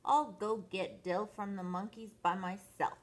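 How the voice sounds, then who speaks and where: A woman's voice: medium pitch, fairly even intonation, a little slow, natural voice. A woman voicing a brave, determined little toddler boy in a storybook read-aloud.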